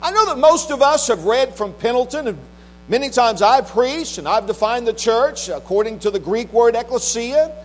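On poor audio with a faint hum from the mains, a very high-pitched, animated male pastor reads scripture solemnly and steadily. He then turns to preaching in plain talk, restarting a few times.

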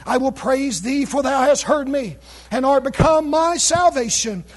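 Very high-voiced preacher, shouting. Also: male voice, unhurried. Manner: preaching with frequent shouted exclamations; reads scripture in King James wording. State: losing his voice. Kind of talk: sermon.

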